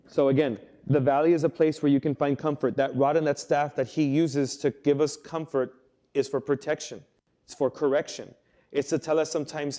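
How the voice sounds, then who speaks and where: A man's voice: a little high, flat delivery, a little fast, dark tone. A young man, a youth pastor, preaching a sermon in a casual, conversational way, telling stories and acting out quotes. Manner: conversational, storytelling with acted quotes.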